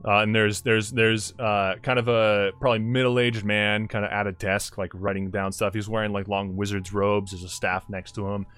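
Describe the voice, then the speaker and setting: A man's voice: lowish voice, little pitch movement, moderate pace, hardly any pauses, a bit bright, smooth, soft background music. A young man acting as game master, describing scenes in a rambling way and laughing often. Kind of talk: running a tabletop game.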